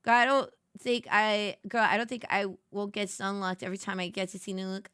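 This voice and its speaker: Woman streamer, bubbly and gushing, bright tone, dry close mic. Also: mid-range voice, steady tone, fairly quick, hardly any pauses, clear, resonant tone, no echo. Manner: bubbly and gushing, sudden squeals and soft whispers. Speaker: VTuber streamer. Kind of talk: casual late-night stream chat.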